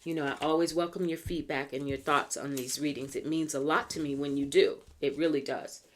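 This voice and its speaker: A low-pitched American woman with fairly even intonation talks through a pick-a-card tarot reading. Chatty and earnest, she slows down whenever she reads a card aloud and clears a tickly throat now and then.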